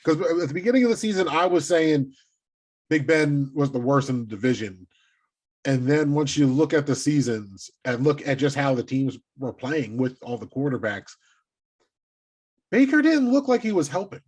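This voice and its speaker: Man, podcast co-host, husky voice, teasing, animated, casual swearing. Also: fairly high pitch, normal speed. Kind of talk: casual sports chat.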